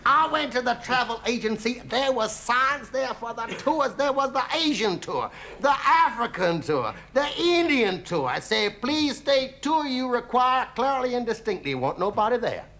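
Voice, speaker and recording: A man's voice: extremely high pitch, very animated, moderate pace, few pauses, pushed and bright, full character voice. A comedian playing a boastful, folksy American traveller with a put-on Southern drawl, whooping "ooh-wee" as he tells tall tales in a 1970s TV stand-up monologue. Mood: cheeky. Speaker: comedian in character. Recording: 1970s TV studio with audience noise.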